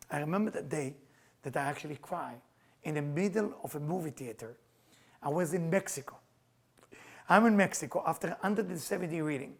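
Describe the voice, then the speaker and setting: A middle-aged man, a spiritual teacher, telling personal stories in an animated, earnest lecture, in halting broken English. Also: fairly high pitch, gravelly, husky. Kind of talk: storytelling lecture.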